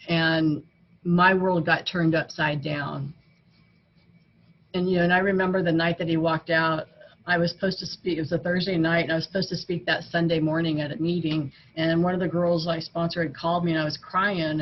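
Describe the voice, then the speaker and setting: An older woman giving an earnest, conversational personal testimony as the speaker at a recovery meeting. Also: lowish voice. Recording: dull lo-fi recording with faint noise.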